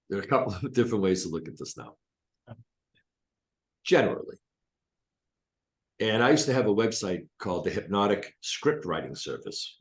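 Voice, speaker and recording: Speaking in a deep voice from an echoey office, a male hypnotist and coach appears as a guest on a video call. He teaches casually, explaining things emphatically and throwing in blunt asides.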